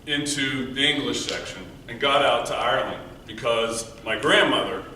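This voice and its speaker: A man giving a prepared storytelling speech at a speech contest, earnest, moving between loud emphasis and quiet, hushed passages. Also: medium pitch, expressive, normal speed. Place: meeting room before an audience. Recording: echoey room, mic from far off, faint noise.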